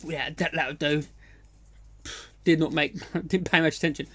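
A middle-aged Englishman telling a rambling fishing story in casual chat, excitable, swearing, full of restarts and sound effects. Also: fairly high pitch, measured pace. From England.

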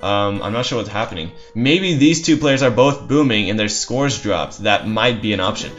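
A man's voice: on the low side, lively intonation, normal speed, a bit bright. A man giving casual live commentary over his own strategy game match, rambling and self-deprecating with dry sarcasm. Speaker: gameplay commentator. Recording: dull lo-fi mic with faint music.

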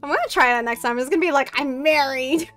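A young woman with a high voice chats casually on her stream, spilling a story full of fillers and quick laughs. Faint music plays behind her. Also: a bit bright. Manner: chatty storytelling, many fillers, frequent laughing. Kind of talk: casual chat.

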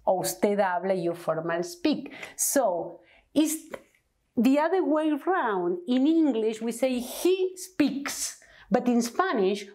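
Argentine woman, language teacher, slow deliberate pace, pitch rising and falling a lot, patient step-by-step explanations. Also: darkish tone. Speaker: Spanish teacher. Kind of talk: whiteboard language lesson.

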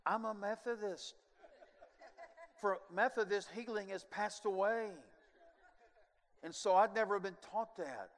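An older man preaching a sermon, telling a personal testimony as an animated storyteller who swings from hushed to loud with chuckling asides. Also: high-pitched, a little slow, long pauses. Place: large church sanctuary. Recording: long reverb of a large sanctuary.

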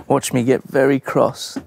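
A man's voice: medium pitch, gravelly, a little mellow, slight background noise. A young man vlogging his van build to camera, chatty and self-mocking, inside the van. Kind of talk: casual to-camera vlog. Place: inside a van being built.

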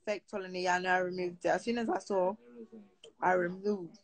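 A woman's voice: lowish voice, fairly even intonation, fairly quick, rough recording. A teenage girl from Britain, chatting casually on a live stream and answering viewer comments aloud.

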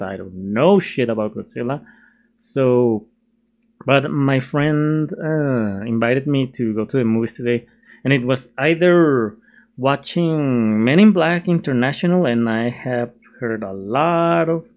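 Casting: young male reviewer, loose and rambling, quick to laugh at himself, mid-range voice. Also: medium pitch, darkish tone. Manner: chatty, laughs often, self-mocking. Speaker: video reviewer. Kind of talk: casual rambling review while drawing.

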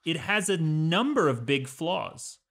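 A man's voice: a little high, sing-song, slow, a bit bright. A man co-hosting a podcast, speaking casually and with enthusiastic, strong opinions. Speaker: podcast co-host. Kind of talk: casual conversation.

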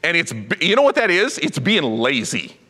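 A man preaching a sermon as pastor, retelling a story in an animated, emphatic way. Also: fairly high pitch, moderate pace, big-room sound. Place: church sanctuary.

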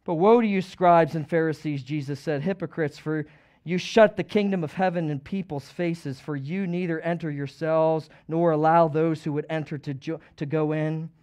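High-voiced pastor preaching with rising fervor. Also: male voice, fairly even intonation, normal speed. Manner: swings from hushed pleading to loud, preacherly calling out. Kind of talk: sermon.

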